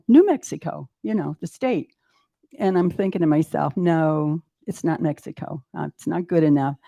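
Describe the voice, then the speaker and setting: At a retreat center in Mexico, an interview guest in her eighties with a medium-pitched voice recounts her story in a lively, relaxed manner. She voices her own doubts aloud and pokes fun at herself.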